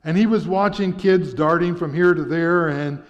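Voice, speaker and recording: A man preaching a sermon, telling a story in an earnest, measured way in a church sanctuary. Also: on the high side. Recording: dull sound with long church reverb.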